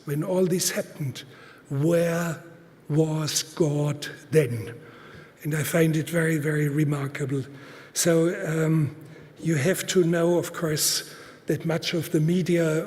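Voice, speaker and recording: Slow, halting older man. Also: fairly high pitch. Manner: deliberate, halting, with many fillers and restarts; emphatic, repeating words for stress. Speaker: conference speaker. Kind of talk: live conference talk. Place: large auditorium. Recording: long hall reverb.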